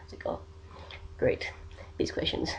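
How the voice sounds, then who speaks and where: A young woman, telling a personal story in a casual vlog, rambling with many fillers. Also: unhurried. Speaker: vlogger.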